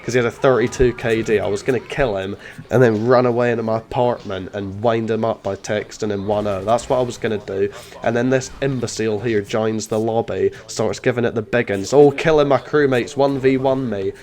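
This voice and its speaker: A man's voice: lowish voice, steady tone, brisk, darkish tone. Sarcastic gaming YouTuber man. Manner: sarcastic, mocking, uses "mate" constantly. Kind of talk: gameplay commentary and trash talk.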